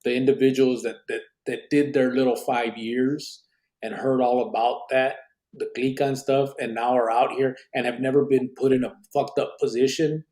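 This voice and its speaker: A middle-aged man hosting a podcast, telling stories in a casual, animated way with street slang and swearing. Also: mid-range voice, normal speed, echoey room. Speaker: podcast host.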